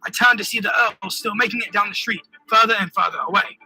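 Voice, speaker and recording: A man's voice: high-pitched, fast, gravelly, pushed and bright, low-quality recording. A man narrating his own pirate adventure audiobook in the first person, telling the action vividly. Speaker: author reading his own novel.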